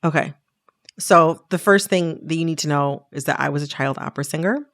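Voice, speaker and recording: Woman podcast host, lowish gravelly voice, animated storyteller who laughs often. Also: brisk. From Detroit area. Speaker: podcast co-host telling stories. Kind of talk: casual storytelling chat.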